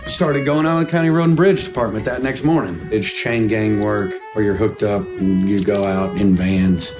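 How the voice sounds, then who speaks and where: A young man from with a drawl tells his story in a loose, plainspoken way, filling it with little asides. His voice sits a bit low. Guitar music plays under him the whole time. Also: normal speed. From East Texas. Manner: casual, plainspoken, drawling with frequent fillers. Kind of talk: personal story told to a radio show.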